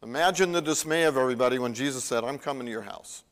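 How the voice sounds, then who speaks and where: A man's voice: mid-range voice, quick pace. A man preaching a sermon in a conversational way, acting out the Bible dialogue as he retells it. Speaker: pastor. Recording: long reverb of a large hall.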